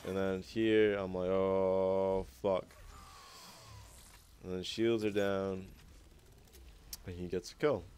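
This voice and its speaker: A man's voice: low voice, flat delivery, measured pace, long pauses, a little mellow, a little hiss or hum. Young man swearing through gameplay commentary. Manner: rambling, swears a lot, self-mocking.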